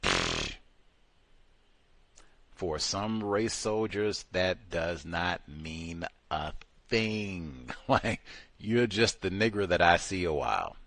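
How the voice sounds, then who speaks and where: Low-voiced man hosting call-in radio. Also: takes it slowly, vocal fry. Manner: animated, mocking voices of others, frequent laughter. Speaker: radio show host. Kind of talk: call-in talk radio commentary.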